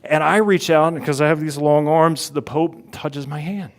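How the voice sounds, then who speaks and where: A man in his forties from South Louisiana, telling a story in a lively, conversational way to a church audience and acting out his own reactions. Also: fairly high pitch, normal speed. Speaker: speaker at a Catholic Advent mission. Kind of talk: storytelling talk.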